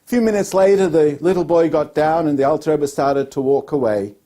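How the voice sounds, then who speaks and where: Rabbi, male, weekly scripture lesson; storyteller's delivery, slightly high, warm tone. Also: fairly quick. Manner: storytelling teacher who mixes jokes into explanation. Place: Melbourne.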